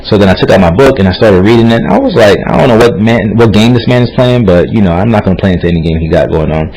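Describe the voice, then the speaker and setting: A man's voice: on the low side, fast talker, darkish tone, rough recording. A man co-hosting a podcast, telling a long personal story in a rambling casual way with many fillers and restarts. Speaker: podcast co-host.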